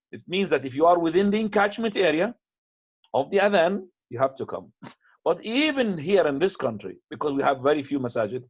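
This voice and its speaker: Husky-voiced man teaching, lo-fi sound. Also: mid-range voice. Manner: casual and conversational, mixes in Arabic phrases, frequent restarts. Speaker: teacher answering questions. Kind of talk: lecture with questions. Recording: dull, lo-fi upload.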